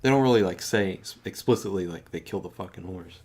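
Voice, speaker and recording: A man's voice: sits low, fairly quick, a little mellow. A man casually retelling a movie he watched, swearing a lot, laughing and acting out the characters' lines. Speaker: podcast co-host.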